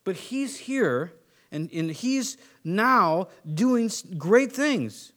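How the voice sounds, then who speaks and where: A man preaching a sermon, animated, acting out quick voices of biblical figures and swinging between soft and emphatic delivery. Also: high-pitched. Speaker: pastor.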